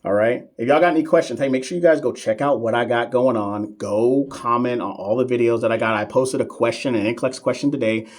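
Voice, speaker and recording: A man's voice: medium pitch, steady tone, a little fast, hardly any pauses. A man talks straight to his camera during a casual live stream, answering viewer questions as an exam coach. He reads comments aloud, jokes with regulars and keeps a loose, friendly, chatty flow. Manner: teasing and familiar with regular viewers.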